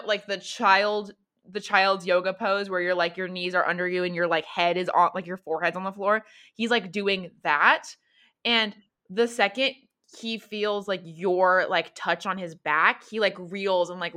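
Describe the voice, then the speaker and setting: A woman narrates a tabletop horror game as its game master. Her voice is bright and sits at a middle pitch. She talks casually, stringing scenes together with lots of fillers. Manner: casual, filler-heavy storytelling.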